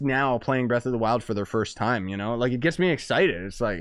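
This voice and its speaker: A man live-streaming a game, chatting casually and excitedly with viewers as he plays and rambling between topics. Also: medium pitch, brisk, hardly any pauses, dry recording. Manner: excitable, rambling, chats with viewers while playing.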